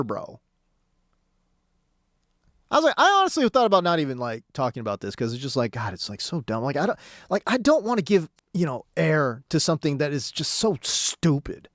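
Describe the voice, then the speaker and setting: This is an American man in his thirties hosting a sports talk radio show. His delivery is casual and exasperated, full of slang like bro and dude. His pitch swings around a lot, and the studio sound is close and dry. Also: wildly swooping pitch, moderate pace, no echo. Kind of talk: casual opinion rant.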